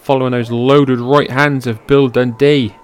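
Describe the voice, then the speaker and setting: A man giving amateur play-by-play commentary on a wrestling match, shifting from low, offhand calling to loud, high-pitched outbursts laced with swearing, into his own microphone. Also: level tone, unhurried, clear, resonant tone. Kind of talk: amateur play-by-play commentary over old footage. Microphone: personal microphone.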